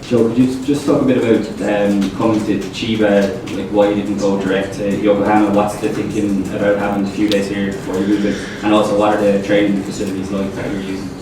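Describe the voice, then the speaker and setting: A man's voice: lowish voice, flat delivery, fairly quick, hardly any pauses. A male reporter asking plain, matter-of-fact questions at a press conference. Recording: echoey room, distant mic, noisy.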